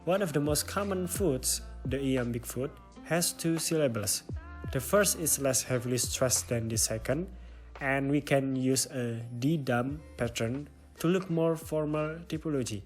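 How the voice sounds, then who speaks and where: A man's voice: medium pitch, measured pace, faint music behind. A young man with an Indonesian accent, a student presenting a stylistics lesson and explaining it step by step. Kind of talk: reading a class presentation.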